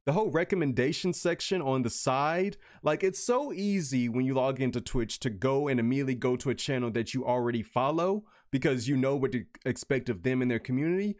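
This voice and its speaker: A man co-hosting a stream, reading out viewer questions in relaxed, chatty talk. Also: medium pitch, fairly quick, few pauses. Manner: lively, chatty, relaxed, with fillers. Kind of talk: casual chat.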